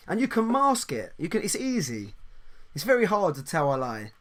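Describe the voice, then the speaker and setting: This podcast host and coach has a slightly high voice that swoops wildly in pitch and sounds a bit bright, at normal speed. In a casual chat he talks animatedly, stumbling into restarts and repeated words and laughing a lot.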